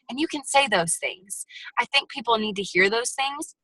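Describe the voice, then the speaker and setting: Woman guest trainer, bright and forceful, sassy motivational delivery, dry video-call sound. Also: on the high side, normal speed, husky, no echo, poor audio. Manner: lively, sassy and chatty, with frequent asides. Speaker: guest speaker at a sales team training.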